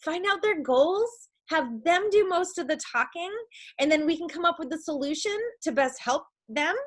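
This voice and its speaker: Chatty high-voiced young woman coaching. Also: moderate pace. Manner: chatty, upbeat, lots of likes and ums; shifts into acted-out quotes of herself. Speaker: coach trainer. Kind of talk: casual training talk.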